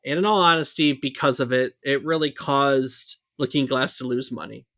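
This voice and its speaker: A man's voice: medium pitch, moderate pace, bright, forceful tone, no echo, studio quality. A man co-hosting a podcast, talking casually through gaming history with fillers and asides. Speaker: podcast co-host.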